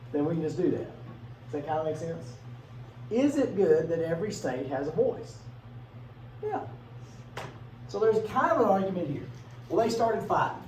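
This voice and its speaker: Male teacher, chatty classroom lecture, higher-pitched voice, distant mic with faint room hiss. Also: mellow, reverberant. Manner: conversational, asks the class questions, acts out quick bits in funny voices.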